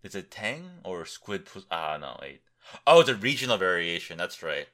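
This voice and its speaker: A man's voice: low voice, sing-song, normal speed, bright, forceful tone. A young man hosting a podcast alone, tired and rambling, joking crudely and thinking aloud as he looks things up. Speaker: podcast host. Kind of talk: rambling solo podcast chat.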